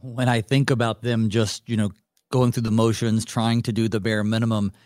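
A man's voice: moderate pace, dry recording, clean studio sound. A man who is a pastor and guest on a radio Bible study, talking thoughtfully and acting out examples. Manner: thoughtful, uses lively pitch to act out examples.

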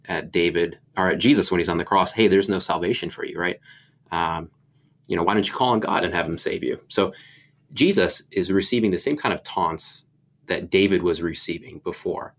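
Male pastor, deep voice, conversational Bible talk, thoughtful and rambling. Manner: reflective, meandering with many fillers.

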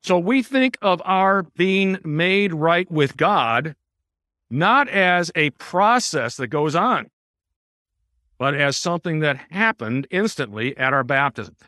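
Bright, crisp-voiced man teaching Bible class. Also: fairly high pitch, big pitch swings, slow pace, no echo, studio quality. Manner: explanatory, asks the class questions, many uh fillers. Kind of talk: conversational Bible study teaching. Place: room with a small class present.

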